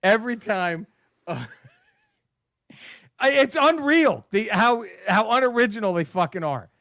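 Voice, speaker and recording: Male podcast co-host, swears and laughs often, very animated pitch. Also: takes it slowly, no echo, studio quality. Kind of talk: casual chat.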